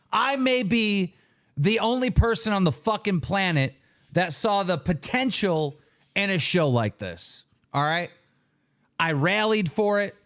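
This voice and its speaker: Guy on a livestream ranting mad, lots of cussing, high voice all over the place. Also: fairly bright tone. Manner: profane, heated, emphatic. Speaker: livestream show host. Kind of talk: angry livestream rant.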